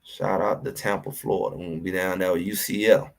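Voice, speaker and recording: A man hosting a livestream and ranting about college football, addressing his chat directly in an animated, preachy way. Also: deep voice, a little fast, gravelly. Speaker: sports talk host. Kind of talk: livestream sports commentary.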